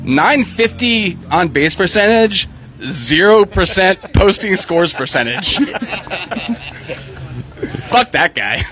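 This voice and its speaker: A man's voice: high-pitched, sharp tone. A man hosting a casual recap podcast, joking and teasing the others as he runs through results. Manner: joking, teasing, laughs often. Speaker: podcast host.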